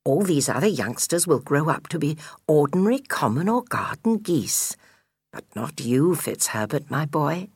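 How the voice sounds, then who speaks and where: A woman doing a soft-spoken, secretive mother goose. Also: deep voice, big pitch swings, normal speed, husky, dry recording, studio quality, full character voice. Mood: confiding. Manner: soft, confiding, partly whispered. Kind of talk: storybook reading.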